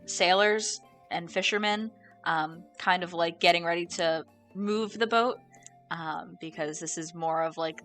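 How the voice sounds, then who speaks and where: A woman narrating as game master, describing scenes with frequent pauses and ums. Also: mid-range voice, bright, forceful tone. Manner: hesitant, many ums while describing scenes. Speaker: dungeon master.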